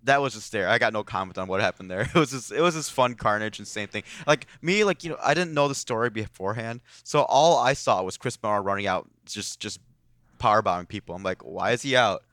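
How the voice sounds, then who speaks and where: Male co-host, bright and crisp, dry sound, playful and giggly. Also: lowish voice, expressive, fast, dry recording. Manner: giggly, jokey. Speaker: podcast co-host. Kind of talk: casual chat.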